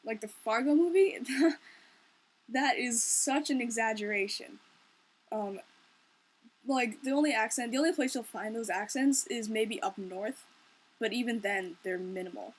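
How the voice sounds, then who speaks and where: A woman's voice: fairly high pitch, a little slow, pauses often, husky. A young woman from Minnesota chatting casually in a vlog, with a wry, joking, easygoing manner. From Minnesota, Twin Cities area. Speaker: vlogger. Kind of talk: casual unscripted vlog chat.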